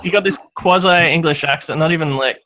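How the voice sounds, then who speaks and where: Casting: crude joking host, bright lively voice, dull lo-fi call audio. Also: male voice, a little high, a little fast. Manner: crude, teasing, mocking impressions. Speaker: podcast host. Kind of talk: rowdy casual chat.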